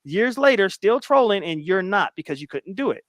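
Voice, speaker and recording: A man casually recounting an argument on a livestream, emphatic and animated as he retells it. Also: high-pitched, fairly quick, dry recording, clean studio sound. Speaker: YouTube commentator.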